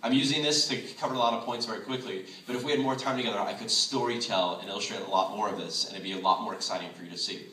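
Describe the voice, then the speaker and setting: A man's voice: on the low side, racing, hardly any pauses, pushed and bright. A man leading a public speaking workshop, explaining point by point and shifting his volume and pace to show his ideas. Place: large hall. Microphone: phone in the audience, speaker on a microphone. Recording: roomy hall recorded from far off with phone.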